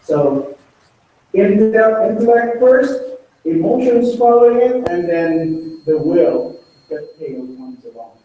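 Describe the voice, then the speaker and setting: High-voiced preacher in an echoing church. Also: male voice, lively intonation, takes it slowly, narrow, tinny audio. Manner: emphatic preaching with rhetorical questions. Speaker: pastor. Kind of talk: sermon. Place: church sanctuary. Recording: very echoey church hall from far off.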